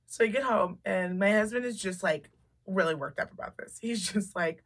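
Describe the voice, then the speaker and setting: A woman co-hosting a casual podcast chat, an animated storyteller who swears freely and acts out quotes. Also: medium pitch, moderate pace. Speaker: podcast co-host.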